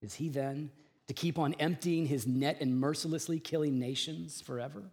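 A man's voice: on the high side, fairly even intonation, normal speed, darkish tone. A male pastor giving a sermon in a conversational way, full of chatty asides and fillers. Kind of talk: sermon with personal anecdote.

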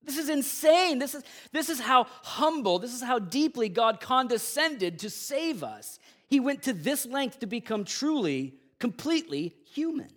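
A man preaching a Good Friday sermon with intense, swinging delivery, casual asides and slang between loud emphatic lines and hushed low ones. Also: very animated, unhurried, few pauses. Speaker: pastor.

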